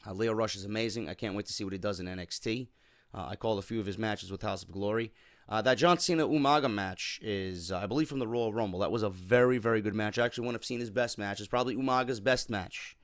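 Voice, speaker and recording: A fairly low, fast-talking male voice with a somewhat bright tone comes through in clean studio audio with no room sound. Hosting a wrestling show, he reads out a viewer's letter and answers sympathetically and casually, loaded with fillers and constantly adding "man" to his sentences.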